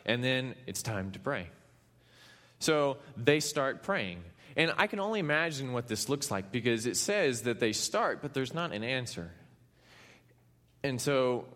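Man, preacher, from Kansas, storytelling sermon, playful asides, mid-range pitch, echoing hall. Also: a bit bright. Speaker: pastor.

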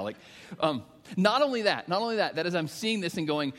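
A middle-aged male pastor preaching a sermon, telling stories that swing from hushed to emphatic. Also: fairly high pitch, expressive, fast. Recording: long reverb of a large hall.

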